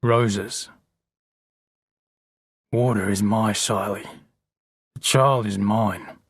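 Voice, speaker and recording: A weary old man, guarded and plain-spoken, as a male reader puts him on. The voice is husky and dry. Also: on the low side, steady tone, extremely slow, no room sound, full character voice. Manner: older, wearier voice.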